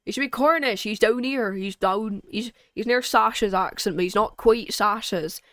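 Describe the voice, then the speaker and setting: A woman's voice: medium pitch, normal speed, a bit bright, dry recording, clean studio sound. A woman streamer giving chatty, laughing commentary while playing a game, swearing casually. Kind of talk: casual let's-play commentary. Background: game music.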